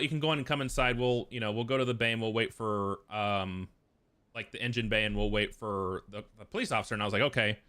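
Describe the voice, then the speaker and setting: Bright-voiced man telling a rambling story. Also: medium pitch, clear, resonant tone. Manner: profane, rambling, full of fillers. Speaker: streamer. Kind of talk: casual storytelling.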